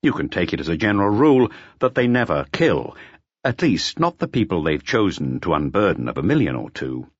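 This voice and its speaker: A man reading a crime novel aloud in a measured, expressive storytelling manner. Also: low voice, slightly rough, no room sound. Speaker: audiobook narrator. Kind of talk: scripted narration. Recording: dull lo-fi audio, dry.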